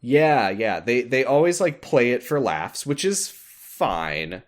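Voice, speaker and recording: Speaking slowly in a sing-song, medium-pitched voice, a male podcast co-host rambles through a casual chat, laughing and using lots of fillers.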